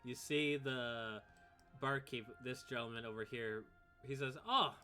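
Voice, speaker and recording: A man runs a tabletop game as game master. His voice is bright, at a middle pitch, with faint music behind him. He narrates at an easy pace, pausing on ums while he thinks. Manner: relaxed, thinking aloud with ums.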